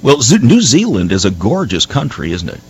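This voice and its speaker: Lively earnest American radio host, man. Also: mid-range voice, moderate pace, a little hiss or hum. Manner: earnest, preacherly, with many fillers. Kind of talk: Christian radio talk show.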